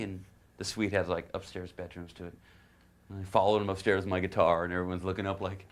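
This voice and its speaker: A guitarist telling an interview anecdote in an animated way, acting out the dialogue. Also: male voice, sits low, fast talker. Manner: animated storytelling, acts out dialogue.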